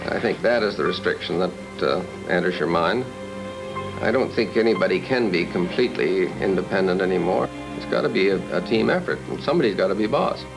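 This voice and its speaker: A low-voiced man reflects in a measured way during a documentary interview. Music plays clearly under his voice. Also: rough recording. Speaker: interviewee, retired company chairman. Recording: music playing behind.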